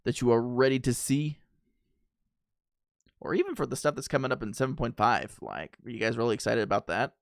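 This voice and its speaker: Chatty male streamer, lively pitch. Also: a little fast, vocal fry, no room sound, clean studio sound. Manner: chatty, rambling, talks to chat with fillers and laughs. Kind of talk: casual gaming stream chat.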